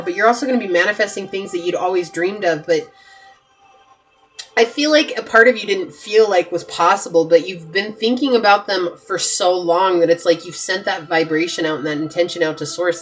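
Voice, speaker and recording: A woman giving a casual pick-a-card tarot reading, earnest and emphatic, chatty with frequent "like" and quick restarts. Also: on the low side, fairly bright tone. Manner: earnest and emphatic, often shifting into spiritual advice. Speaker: tarot reader.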